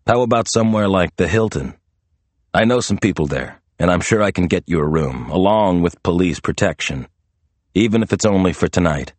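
A man doing a calm, protective detective. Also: low-pitched, moderate pace, no echo. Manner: steady, reassuring.

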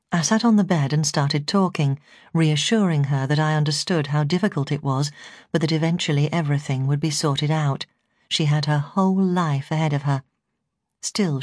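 A woman narrating a first-person memoir in a measured, earnest reading. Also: sits low, darkish tone, no echo, studio quality. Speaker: audiobook narrator.

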